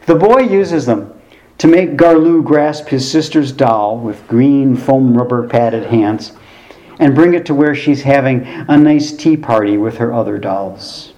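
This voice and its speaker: A man's voice: mid-range voice, unhurried, mellow, dull audio. A man in his sixties, a pastor, giving a sermon through a wry, conversational personal story.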